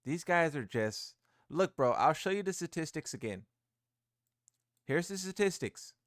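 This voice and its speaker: A man's voice: on the high side, fairly bright tone, no room sound, studio quality. A man streaming live and reacting casually to gaming posts, rambling, repeating himself and using slang.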